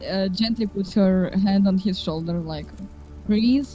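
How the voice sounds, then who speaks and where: A soft-spoken caring woman, as a player voices her. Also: mid-range voice, unhurried, faint music behind, natural voice. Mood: soothing. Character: scared but caring young woman.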